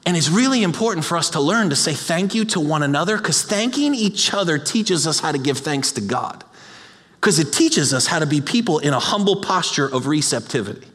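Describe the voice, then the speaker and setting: A man preaching a sermon in an animated, humorous way, often repeating words as he goes. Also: a little high, a little fast. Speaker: pastor. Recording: long hall reverb.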